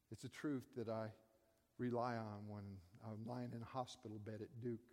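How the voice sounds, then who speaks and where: A man preaching a sermon, emphatic and impassioned, sometimes easing into soft, earnest tones. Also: mid-range voice, animated, normal speed, gravelly. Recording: long reverb of a large room.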